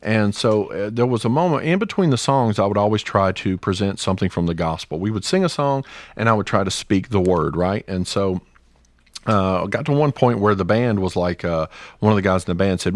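A middle-aged man with a low voice co-hosting a casual podcast, talking passionately and circling back on himself. The sound is dry and close, with no room around it. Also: animated, brisk, no echo. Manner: rambling and passionate, many restarts. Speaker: podcast co-host.

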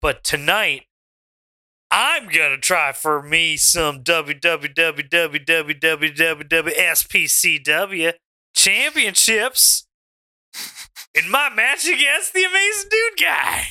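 A man's voice: on the high side, takes it slowly, sharp tone, dry recording, pitched below the performer's own voice, heavily acted. A man voicing a cocky, boastful male pro wrestler with a raised, drawling Southern accent, in a wrestling tabletop game. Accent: American Southern. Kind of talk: in-character wrestling promo.

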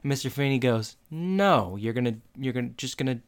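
A man's voice: mid-range voice, lively intonation, normal speed, clean tone. A man co-hosting a casual chat, retelling a TV episode and acting out characters' lines in a playful way. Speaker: podcast co-host.

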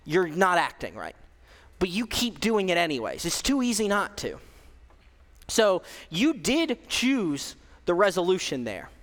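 A man's voice: sits high, huge pitch swings, unhurried, a bit bright. A man preaching a sermon to a young audience in a casual, joking way. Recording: long hall reverb.

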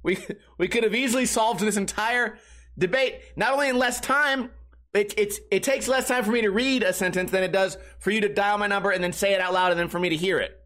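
A young man hosts a podcast in a casual comedic monologue, rambling through stories and swearing freely. His voice sits high and sounds bright and sharp. He shouts when he acts out his own panic. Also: a little fast. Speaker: podcast host.

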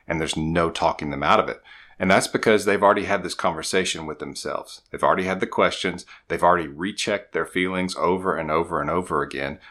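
A middle-aged man, a relationship coach, explaining things to the camera in a calm, steady advice monologue. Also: sits low.

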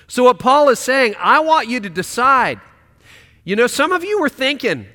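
A man preaching a sermon in a high, bright voice, his delivery swinging widely from loud, impassioned declarations to near-hushed lines. His pitch leaps and falls with every point he makes. The sound carries the long reverb of a large church sanctuary. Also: animated, normal speed. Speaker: pastor.

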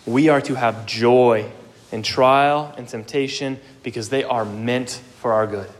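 A man's voice: mid-range voice, steady tone, unhurried. A young man preaching a sermon, earnest and emphatic, with casual asides.

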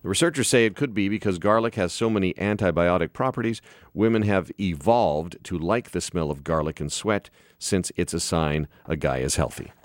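A man's voice: deep voice, normal speed, no room sound, studio quality. A man hosting a radio talk show, bantering casually and poking fun at himself. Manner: self-deprecating, jokey, animated. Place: radio studio.

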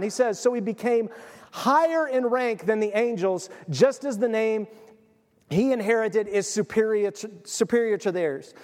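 A man preaching a sermon with animated storytelling, acting out the voices of the people in his stories. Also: sits high, normal speed. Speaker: pastor. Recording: long hall reverb.

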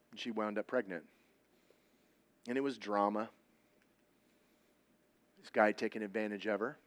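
At youth services, a man with a fairly low voice preaches a sermon, telling personal stories bluntly and with jokes. His volume swings between loud and hushed.

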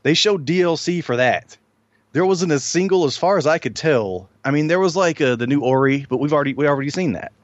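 A man's voice: on the high side, brisk, dry recording. A man in casual chat, blunt and dismissive, swearing freely. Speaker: podcast co-host. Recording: dull dry lo-fi sound.

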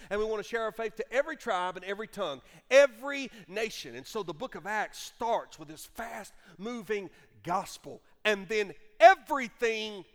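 A male preacher with a fairly high, lively voice that climbs and dips constantly, giving an animated, humorous sermon. His words ring out through a church sanctuary with a long hall echo. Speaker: pastor. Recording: long reverb of a large hall.

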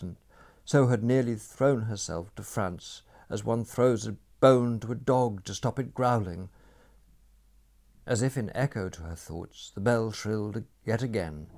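A male audiobook narrator with a very deep, gravelly voice. He reads in a measured, expressive way, with a dry wit in his delivery.

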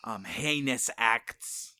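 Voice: medium pitch, very slow, pushed and bright, no echo, studio quality, full character voice. A German-accented goose supervillain. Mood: menacing. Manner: menacing, grandiose, broken English, shrieking war cries. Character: evil goose-feathered supervillain man. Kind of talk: improvised comedy character interview.

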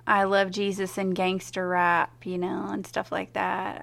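A woman's voice: medium pitch, monotone, measured pace, gravelly, a bit bright. A woman, a mom, co-hosting a podcast in casual chat, telling stories with a giggle. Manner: chatty, giggly storyteller. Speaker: podcast co-host and blogger.

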